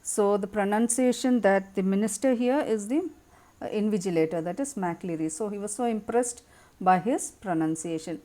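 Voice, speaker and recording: Mellow-voiced woman explaining a lesson. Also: medium pitch, moderate pace. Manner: reads a passage aloud, then explains it in simple words. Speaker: English teacher.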